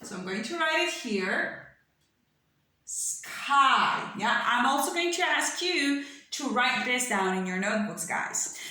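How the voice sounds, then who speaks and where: A woman teacher with a bright, rather high voice leads a phonics lesson for small children. She talks slowly and patiently, sounds words out letter by letter and keeps checking in with the class. The recording is very echoey, as if made in a bare room. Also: expressive. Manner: checks in with frequent "okay?" and "yeah?". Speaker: primary school English teacher.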